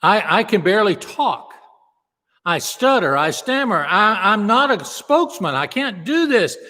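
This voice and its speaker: A man's voice: high-pitched, sing-song, unhurried, pushed and bright, big-room sound, pitched above the performer's own voice, heavily acted. A man voicing Moses as an anxious, reluctant man who stammers out his protests. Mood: anxious pleading.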